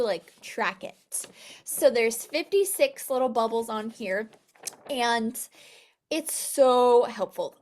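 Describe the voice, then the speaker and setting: Young female sales trainer, live online session, bubbly and chatty, slightly high voice. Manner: upbeat and chatty, many fillers and "you guys".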